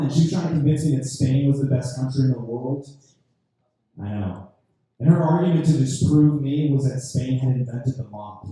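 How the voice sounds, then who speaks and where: A man working through a stand-up comedy set with a dry, deadpan delivery, stumbling through fillers as he goes. His voice is dark and muffled, picked up from a distance. The lounge around him rings with heavy echo. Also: medium pitch. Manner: halting, deadpan, lots of fillers. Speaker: stand-up comedian at an open mic. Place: lounge comedy night, indoors. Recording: very echoey room from far off.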